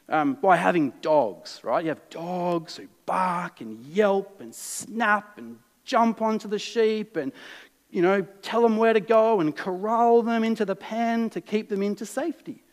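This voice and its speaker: Earnest Australian preacher in a reverberant hall. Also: male voice, high voice. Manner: conversational, earnest, shifts between lively and hushed. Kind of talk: sermon. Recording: long reverb in a large hall.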